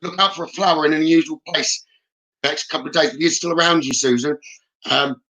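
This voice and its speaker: A man's voice: a little high, steady tone, fast talker, sharp tone, rough recording. A man working as a psychic medium in a live reading, relaying messages in a reassuring way and often checking in with "okay?". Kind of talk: live-streamed spirit reading.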